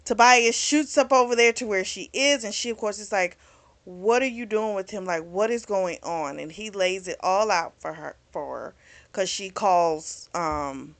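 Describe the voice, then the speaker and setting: Woman, casual book review, chatty, expressive, slangy asides, middle pitch. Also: measured pace. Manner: chatty and expressive, quoting characters with outrage; informal slang, frequent "like" and "you know".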